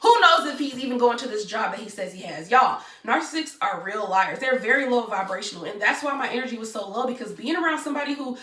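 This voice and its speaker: A woman's voice: on the high side, expressive, fast, hardly any pauses, bright, forceful tone. A young woman, telling viewers a personal story in a blunt storytime vlog at home. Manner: blunt, talks straight to viewers. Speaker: vlogger. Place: room at home. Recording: echoey room, mic at a distance.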